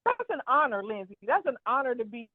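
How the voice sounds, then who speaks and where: A woman guest in a casual conversation who speaks earnestly and with warm affirmation. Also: fairly high pitch, sing-song, fairly quick, dry recording. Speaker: podcast guest. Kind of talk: casual chat. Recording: tinny phone-like remote line.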